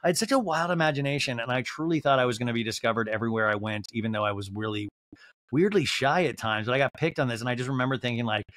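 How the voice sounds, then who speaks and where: A man's voice: mid-range voice, racing, a bit bright, no echo, studio quality. A man hosting a podcast, giving a rambling, comedic recap of a reality show with lots of fillers like "like". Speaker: podcast host.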